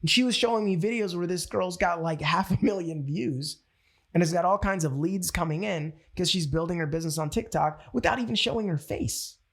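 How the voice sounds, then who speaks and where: A man's voice: sits high, fairly quick. A man training people in network marketing with a motivational talk, telling stories animatedly and acting out quotes. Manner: animated storytelling, acts out quotes.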